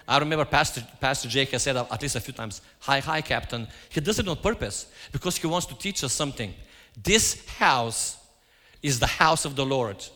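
Bright and forceful, a preacher's medium-pitched voice fills a reverberant church hall. He tells stories through his sermon and performs his own quoted lines.

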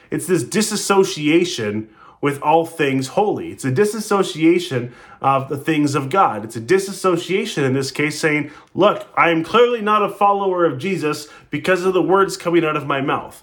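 Male pastor, slightly higher voice, conversational sermon, acts out quoted lines with shifting emphasis. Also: fairly bright tone. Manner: storytelling, acting out quotes with rising and falling emphasis; conversational, with restarts.

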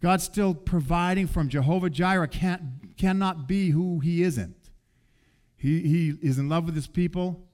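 Man in middle age, pastor preaching; slightly high voice, conversational and animated. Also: moderate pace. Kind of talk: sermon.

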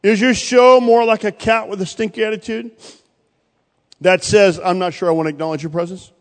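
A male pastor preaching a sermon, swinging from loud bursts to quiet, pointed asides. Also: high-pitched, fairly even intonation, brisk. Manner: preaching with sudden loud rises and quiet drops. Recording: long hall reverb.

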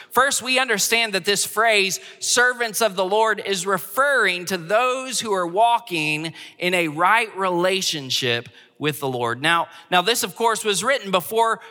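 A man's voice: high-pitched, pushed and bright, long reverb tail. A man preaching a sermon as pastor, earnestly repeating key phrases for emphasis.

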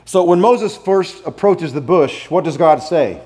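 A man preaching a sermon, emphatic, repeating key phrases and swinging between loud declarations and hushed asides. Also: on the high side, animated, a little slow. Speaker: pastor.

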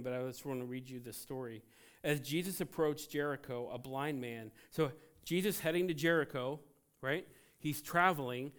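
A man preaching a sermon as pastor, emphatic and animated, swinging between loud outbursts and quiet asides. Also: mid-range voice. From United States.

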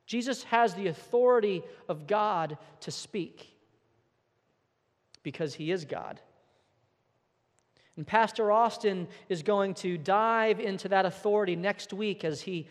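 A man's voice: high-pitched, darkish tone. A man preaching a sermon from the pulpit, earnest and emphatic, now and then repeating a word as he presses his points. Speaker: pastor. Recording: long hall reverb.

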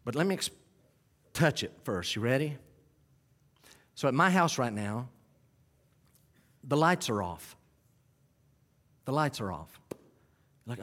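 A man preaching a sermon, animated, swinging between quiet asides and loud climaxes. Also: mid-range voice, takes it slowly, long pauses, in a large hall. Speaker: pastor.

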